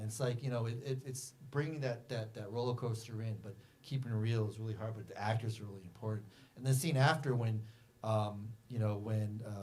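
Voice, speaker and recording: A man talks at a post-screening Q&A in a movie theater, rambling and animated as he fills his talk with "um" and "like." His voice sits at an ordinary middle pitch, with a faint hiss of room ambience behind it. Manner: rambling, animated storytelling with many fillers. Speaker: film director answering audience questions. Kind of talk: festival Q&A talk.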